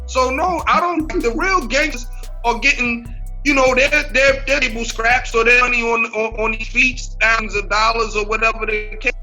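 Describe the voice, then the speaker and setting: Bright high-voiced man debating emphatically. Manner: emphatic, repetitive restarts. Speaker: podcast co-host. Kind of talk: casual debate on a podcast.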